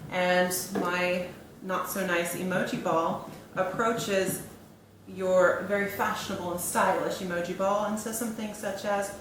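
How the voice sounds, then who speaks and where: A woman school counselor leading a role-play lesson for a child in her office, speaking in a calm, encouraging, praising way. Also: on the low side, unhurried. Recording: echoey room with background noise.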